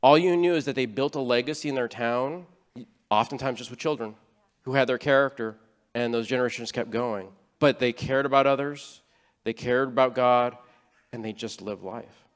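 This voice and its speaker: A man's voice: mid-range voice, normal speed. Church elder guy preaching, earnest and chatty, lots of restarts, echoey sanctuary. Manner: earnest, conversational, with frequent restarts. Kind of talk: sermon.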